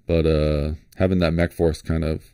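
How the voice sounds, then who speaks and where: Browsing on a screen share, a deep-voiced Florida man who vlogs about flashlights comments casually in a mellow, unhurried tone. He thinks aloud in a relaxed, rambling way, restarting often and filling gaps with fillers and small hums. The sound is dry and close-miked, without room ambience.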